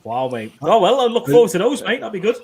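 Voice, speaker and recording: A man's voice: sits high, sing-song, quick pace, a crowd in the background. A man with a Liverpool accent hosting a motorcycle livestream, chatting casually and calling everyone mate. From England. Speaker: livestream host. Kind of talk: casual chat.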